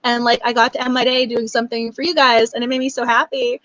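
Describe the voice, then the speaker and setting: Gushing high-voiced young woman host. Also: flat delivery, fast, few pauses, fairly bright tone, rough recording. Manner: gushing, effusive and chatty. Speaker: book club host. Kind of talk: casual livestream chat.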